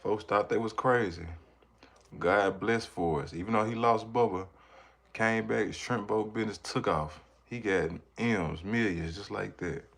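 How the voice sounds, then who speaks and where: A man with children chats casually on a livestream, rambling and reacting to the chat. His voice is fairly low, gravelly and a bit bright, and he speaks a little slowly.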